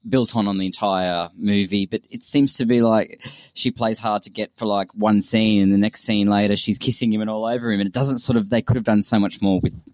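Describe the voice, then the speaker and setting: Fast, low-voiced male co-host, chatty, laughs through his points, dry close sound. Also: steady tone, a little mellow, no echo. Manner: chatty, laughs often, restarts sentences. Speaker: film review podcast co-host. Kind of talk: casual chat.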